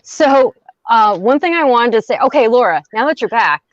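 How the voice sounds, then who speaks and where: A woman co-hosting a casual podcast chat, relaxed and frank, swearing now and then. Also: on the high side, moderate pace. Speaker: podcast co-host. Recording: slightly dull, dry sound.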